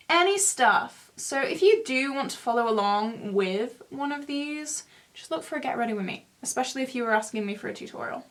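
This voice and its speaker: A woman's voice: on the high side, fairly bright tone. A young woman in her twenties chatting in a rambling, self-mocking way while doing her makeup for a beauty vlog. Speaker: beauty vlogger. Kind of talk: casual get-ready-with-me chat.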